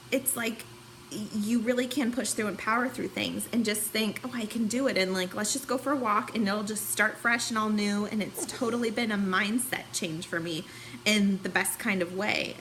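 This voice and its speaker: A woman's voice: fairly high pitch, fairly bright tone, low-quality recording. Thirtysomething woman talking candidly, lots of ums and likes, faint hiss behind. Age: 30s. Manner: candid, chatty, many fillers. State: tearful, emotional. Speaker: fitness challenge participant. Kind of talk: personal testimonial.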